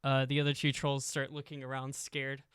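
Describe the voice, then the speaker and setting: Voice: mid-range voice, monotone, normal speed, a bit bright, clean tone, dry recording, clean studio sound. A game master narrating a tabletop role-playing game, rambling with many fillers and laughs.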